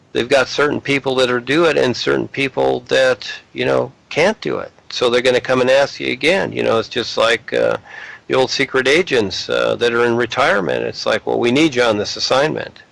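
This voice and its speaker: A man's voice: mid-range voice, gravelly, fairly bright tone, no echo, low-quality recording. A man giving a blunt, lecturing talk on spiritual matters. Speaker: spiritual speaker.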